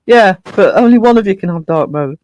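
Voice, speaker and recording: A man hosting a livestream in casual chat, reading out viewer comments and greeting people by name. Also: sits high. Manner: chatty, reads viewer comments aloud and greets them. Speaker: livestream host.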